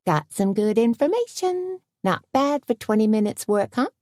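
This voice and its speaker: A woman's voice: on the high side, sing-song, normal speed, darkish tone, no echo, studio quality, pitched above the performer's own voice. A woman voicing a sassy, sweet-talking cafe waitress in an audiobook, syrupy and cheeky. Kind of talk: audiobook character voice.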